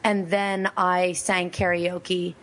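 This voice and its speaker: A woman hosting a talk radio show, hoarse from losing her voice, chatting in a bubbly, giggly, rambling way. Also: on the low side, flat delivery, takes it slowly, fairly bright tone. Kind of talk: casual radio show chat.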